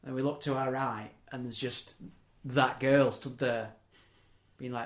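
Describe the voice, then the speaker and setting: A young man spins a long anecdote in easy podcast chat. His pitch sits mid-range, and he keeps cutting himself off to add little asides. The room has a noticeable echo. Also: steady tone, normal speed. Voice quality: rambling, self-interrupting, chuckling asides. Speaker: podcast host. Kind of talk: casual storytelling chat. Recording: echoey room.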